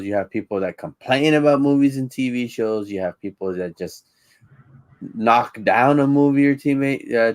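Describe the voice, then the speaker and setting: With a mid-range voice and no echo on the recording, this live-stream podcast co-host rambles through casual chat, restarting his sentences with repeated words and laughing readily.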